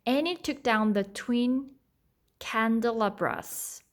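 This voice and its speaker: A woman, a native Korean speaker, reading a children's book aloud at an unhurried pace, stopping to explain and sometimes stumbling. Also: fairly high pitch. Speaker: read-aloud tutor. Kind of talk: storybook read-aloud with explanations.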